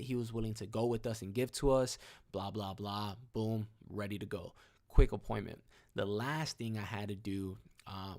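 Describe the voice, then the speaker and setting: A man hosting a live stream, telling his story in a casual, slangy, energetic way. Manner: slangy, energetic, peppered with "boom" and "mad cool".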